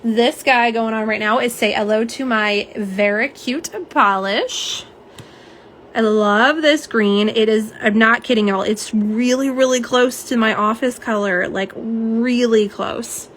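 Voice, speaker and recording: A woman's voice: fairly high pitch, fairly even intonation, unhurried, hardly any pauses, a little hiss or hum. A young woman hosting a casual live stream, chatting and reading viewer comments aloud. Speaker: livestream host. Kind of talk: live unboxing and swatch stream.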